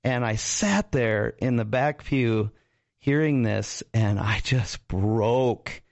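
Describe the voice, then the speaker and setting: A man's voice: mid-range voice, lively intonation, slow, gravelly, a little mellow, no room sound, dull audio. A pastor and radio co-host telling his life story in a radio interview, laughing often and acting out the voices of people in it.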